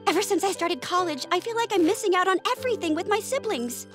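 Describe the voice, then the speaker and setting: A woman's voice: very high voice, fast, over loud music. A dramatic young college girl. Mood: wistful. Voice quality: dramatic, excitable. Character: young adult woman college student, dramatic and eager.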